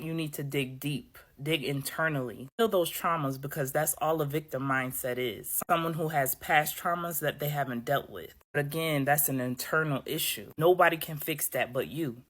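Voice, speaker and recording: Blunt, sassy woman with a low, bright voice. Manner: blunt, sassy, acts out dialogue in high voices. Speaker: commentator. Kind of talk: casual motivational talk to camera.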